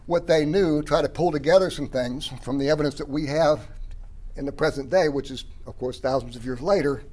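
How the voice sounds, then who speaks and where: A man preaching a sermon, explaining a passage in a relaxed, conversational way and often clearing his throat. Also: on the high side. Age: 30s or older. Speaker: pastor. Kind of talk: sermon teaching.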